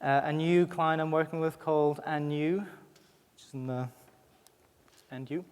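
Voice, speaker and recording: A man's voice: fairly high pitch, steady tone, normal speed, a little mellow, clear, resonant tone. Irish man giving a conference talk. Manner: conversational, frequent restarts and fillers. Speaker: conference speaker. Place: conference hall. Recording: reverberant hall.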